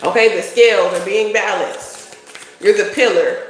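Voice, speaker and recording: A woman's voice: mid-range voice, a little slow, soft background music. Blunt profane woman in echoey room. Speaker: psychic tarot reader. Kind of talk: casual livestream reading. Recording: very echoey room, faint noise.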